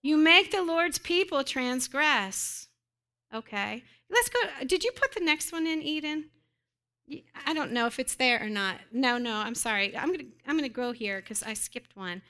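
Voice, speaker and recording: A woman preaching with a high, lively pitch and a bright, sharp tone. She teaches scripture and presses her points with emphatic, repeated commands to the congregation. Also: normal speed. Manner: emphatic, repetitive exhortations. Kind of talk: sermon teaching.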